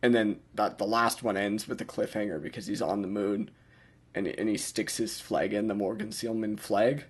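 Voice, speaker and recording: A man's voice: lowish voice, steady tone, normal speed, breathy edge. A young man giving a casual, self-mocking director's commentary, rambling with lots of filler words.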